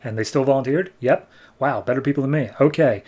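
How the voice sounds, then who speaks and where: A man's voice: mid-range voice, fast talker, darkish tone, close to an everyday voice. A man voicing a cocky, ruthless male mercenary, breezy and dismissive. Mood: flippant.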